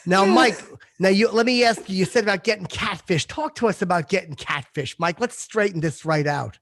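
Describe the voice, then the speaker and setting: A man playing a crude, brash man-child comedy podcast host who is deadpan and over the top. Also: high-pitched, a little fast.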